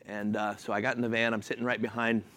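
A man, telling a humorous personal story in a self-deprecating, deadpan way. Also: fairly low pitch, fast talker. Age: 50s. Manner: self-deprecating, deadpan delivery with frequent restarts.

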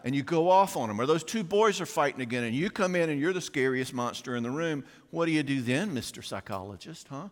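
Middle-aged man, folksy conference speaker, lively pitch, reverberant hall. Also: brisk, hardly any pauses. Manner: animated and folksy, acts out quoted voices. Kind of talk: conference talk. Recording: long reverb of a large hall.

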